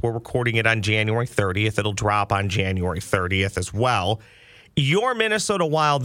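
A man hosts a sports podcast, chatty and joking. His voice is bright and forward. The sound is dry and close to a studio mic. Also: a little high, no echo. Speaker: podcast host. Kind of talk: casual sports podcast chat.

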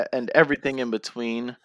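A man's voice: medium pitch, a bit bright, dry recording, studio quality. A man co-hosting a casual wrestling recap podcast, playful and rambling, sounding tired and yawning. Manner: playful, jokey, rambling with fillers. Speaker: podcast co-host.

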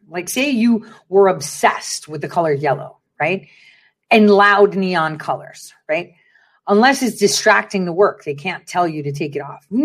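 A woman hosting an online commentary show, speaking in an emphatic, preachy way and repeating phrases for effect. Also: mid-range voice. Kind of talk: casual political commentary.

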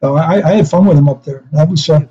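Older man, rambling storyteller, chuckling, fairly high voice, muffled lo-fi line. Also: fast talker, mellow. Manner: rambling anecdotes with chuckles and restarts. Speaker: guest, retired football coach. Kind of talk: casual chat, storytelling.

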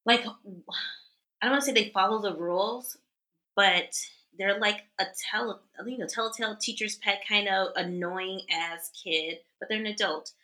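A woman's voice: medium pitch, moderate pace, sharp tone. A woman co-hosting a podcast in casual chat, blunt and emphatic, swearing freely. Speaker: podcast co-host.

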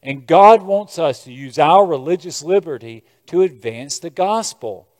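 An American man preaching a sermon as a pastor, moving between quiet scripture reading and loud, emphatic exhortation. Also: on the high side, animated, unhurried. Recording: long reverb of a large hall.

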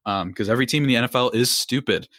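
A man's voice: medium pitch, rapid-fire, dry recording, clean studio sound. A young man hosting a podcast, chatting casually and rambling with lots of restarts and asides. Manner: rambling, animated, self-interrupting. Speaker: podcast host. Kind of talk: casual sports talk.

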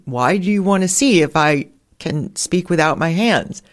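A woman quoting an impatient young Italian man who protests about being made to talk without his hands, in her own low voice. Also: lively intonation, moderate pace, close to an everyday voice. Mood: exasperated. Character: exasperated young Italian man, hand-waving.

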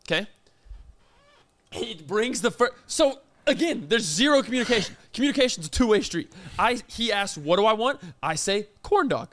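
A man's voice: sits high, lively intonation, brisk, a bit bright. A man, co-hosting a podcast, telling an indignant story in casual chat and acting out the quotes. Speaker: podcast co-host.

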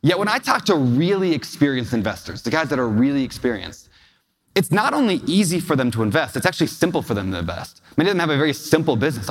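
A man's voice: a little high, big pitch swings, fast talker, breathy edge. A man giving a talk as a real estate investor, telling emotional personal stories to a live audience and asking them questions. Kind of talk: storytelling keynote to a live audience. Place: large hall with an audience. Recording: long hall reverb.

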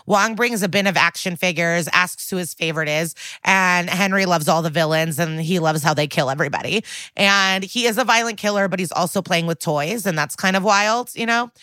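A woman's voice: on the low side, a little fast, sharp tone, smooth, no room sound. A woman co-hosting a podcast, recapping a TV episode in a sarcastic, casual way and acting out the quoted lines. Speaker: podcast co-host.

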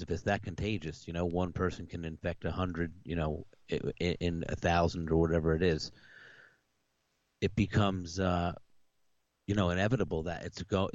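A man with a low voice chats hesitantly and keeps filling his sentences with "you know". His line sounds slightly dull and muffled, and the recording is dry with no room echo. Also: darkish tone. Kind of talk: casual conversation.

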